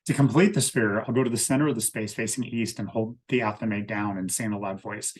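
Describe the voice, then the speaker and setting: A man leading a ritual, explaining it step by step in a steady, methodical way. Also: lowish voice, fast, hardly any pauses. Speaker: ritual leader.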